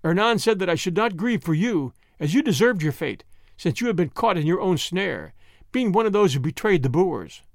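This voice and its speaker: A man reading an audiobook voices a gentle young woman in grief, speaking quietly and earnestly. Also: high voice, big pitch swings, moderate pace, dry recording, clean studio sound.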